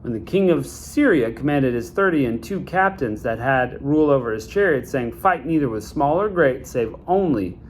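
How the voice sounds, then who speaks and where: Male Bible reader, mid pitch, unhurried delivery with conversational commentary. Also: lively intonation, a little hiss or hum. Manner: reads scripture slowly, then adds chatty asides. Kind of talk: Bible reading with casual commentary.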